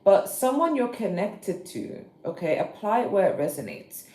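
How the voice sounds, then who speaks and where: A woman with a morning-rough voice giving a casual tarot card reading, chatty and thinking aloud as she turns the cards. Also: medium pitch, big pitch swings, moderate pace, dark tone, echoey room. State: early-morning voice. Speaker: tarot reader.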